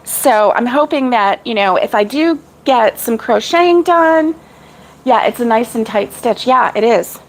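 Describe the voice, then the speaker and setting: A woman's voice: fairly high pitch, animated, measured pace, a little hiss or hum, rough recording. A middle-aged woman chatting casually with live viewers about crochet, rambling and laughing often. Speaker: crochet vlogger.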